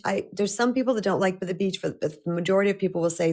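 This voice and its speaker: A middle-aged woman coach talking casually on a live stream, chatty and animated, often restarting her sentences. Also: mid-range voice, quick pace, hardly any pauses. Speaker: spiritual empowerment coach.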